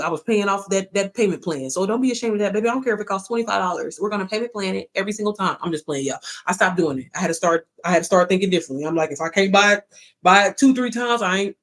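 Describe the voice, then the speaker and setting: A woman chatting casually on a livestream to her followers, playful and sassy, swearing freely and calling them sis and baby. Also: mid-range voice. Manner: calls listeners sis and baby. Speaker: online business coach.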